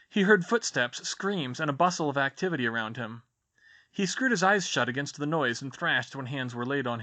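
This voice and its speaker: Guy reading a story out loud, dramatic and expressive, really bright voice. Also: fairly high pitch. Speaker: audiobook narrator. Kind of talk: storybook reading of fan fiction.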